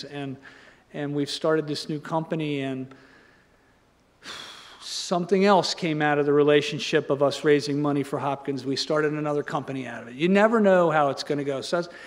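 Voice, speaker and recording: A man's voice: on the high side, fairly even intonation, fairly quick. Rambling, joking man lecturing in a hall. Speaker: guest lecturer. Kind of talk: informal lecture. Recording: long reverb in a lecture hall.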